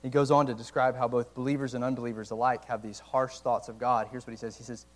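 A man giving a casual, conversational sermon to young adults, animated at times and slowing down to read old quotes aloud. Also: medium pitch, poor audio. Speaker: college ministry teacher. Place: church meeting room.

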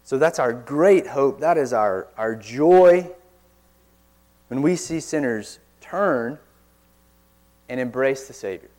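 Male preacher, earnest sermon, forceful stresses, sudden soft drops, mid-pitched voice. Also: lively intonation, slow, pauses often. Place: church.

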